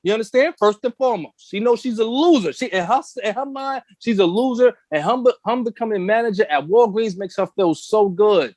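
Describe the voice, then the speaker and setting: Animated, emphatic man with lively pitch. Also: a little fast, few pauses, dry recording. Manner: animated, emphatic storytelling with rhetorical questions; slangy, blunt and impassioned. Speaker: podcast co-host. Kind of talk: casual discussion.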